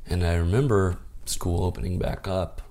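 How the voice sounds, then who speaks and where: A man telling a personal story in a laid-back, casual way, full of "like" and "dude", growing animated and proud as he goes. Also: sits low, moderate pace, noisy background. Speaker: podcast guest.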